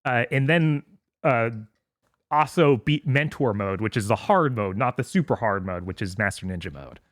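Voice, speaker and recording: A man's voice: medium pitch, lively intonation, moderate pace, no echo, clean studio sound. Hesitant male podcast co-host. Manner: hesitant, filler-heavy. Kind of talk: casual chat.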